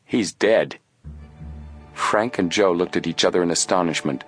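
A man narrating an adventure audiobook in a steady, expressive storytelling manner. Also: sits low, brisk, soft background music.

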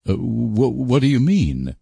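A man's voice: deep voice, big pitch swings, measured pace, vocal fry, dark tone, husky, dry recording, full character voice. A man reading an audiobook voices a young man who speaks stiffly and bitterly after being refused. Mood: wounded. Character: young man, proud and wounded.

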